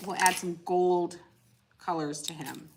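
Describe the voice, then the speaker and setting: Co-hosting a casual crafting livestream, a woman chats and tells stories packed with acted-out quotes. She speaks slowly, in a fairly low voice with a steady tone.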